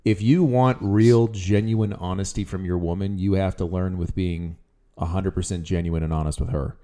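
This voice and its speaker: A man's voice: low voice, steady tone, moderate pace, warm tone. A man co-hosting a relationship podcast, talking bluntly and frankly in casual chat. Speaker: podcast co-host.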